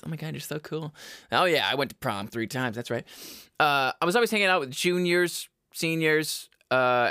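A man's voice: medium pitch, sharp tone, clean tone, no room sound, studio quality. A young man hosting a casual solo podcast, rambling and profane, drifting into side notes and laughing at himself. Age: young adult. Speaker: podcast host.

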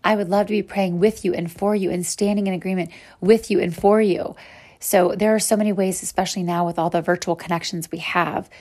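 A woman's voice: medium pitch, steady tone, brisk, darkish tone. A woman hosting a podcast and teaching a Bible devotional, speaking in an earnest, encouraging way to her listeners as sisters.

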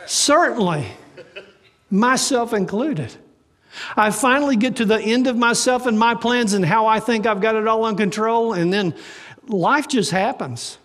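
A man with a high voice preaches a sermon to a congregation. He speaks as a pastor and poses rhetorical questions to the room. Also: a little slow, fairly bright tone, long reverb tail. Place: church service with live congregation.

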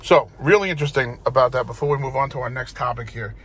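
A man's voice: medium pitch, fast, fairly bright tone, breathy edge. Profane, rambling storyteller man. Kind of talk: casual storytelling chat.

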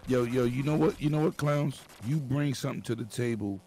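Loud, profane New York man. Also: medium pitch, brisk, a little hiss or hum. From Brooklyn, New York. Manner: loud, profane, keeps cutting in with "hold on". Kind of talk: casual group banter.

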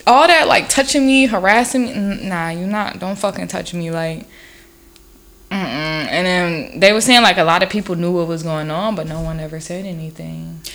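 A woman's voice: on the low side, normal speed, vocal fry, fairly bright tone. A woman in casual conversation who speaks bluntly and swears freely. Her talk is full of fillers like "like". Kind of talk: casual chat.

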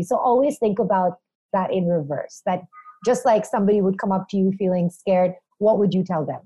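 A woman's voice: mid-range voice, brisk, dark tone, dry recording, muffled recording. A woman, a presenter being interviewed, telling stories in an upbeat, chatty way. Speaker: interview guest, entertainment presenter. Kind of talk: casual interview talk.

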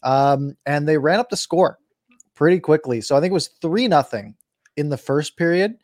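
A man's voice: fairly high pitch, animated, normal speed, a little mellow, dry recording. A man co-hosting a casual sports podcast, recapping games in a rambling way with dry sarcasm. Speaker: podcast co-host.

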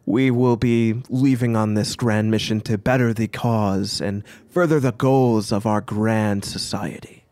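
A man voicing a formal, ceremonious male cult officer who speaks slowly and grandly. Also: fairly low pitch, steady tone, a little mellow, close to an everyday voice.

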